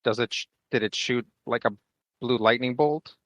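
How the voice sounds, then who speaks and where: A man's voice: mid-range voice, normal speed, fairly bright tone, no echo, lo-fi sound. A man playing in a tabletop game, talking casually and hedging his words with "like". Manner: hedging, lots of "like". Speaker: player.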